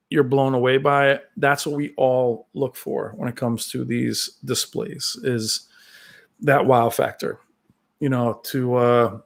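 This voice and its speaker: A man hosting a casual live-stream chat, reading viewer comments and rambling on with many fillers and restarts. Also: mid-range voice. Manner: does brief movie-quote impressions. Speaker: tech channel host reading live chat.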